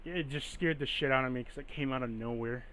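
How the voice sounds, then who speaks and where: A man acting as game master for a tabletop game, narrating and shouting as the townsfolk. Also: mid-range voice, fast talker, crowd noise. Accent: put-on Scottish. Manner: loud and animated when voicing townsfolk.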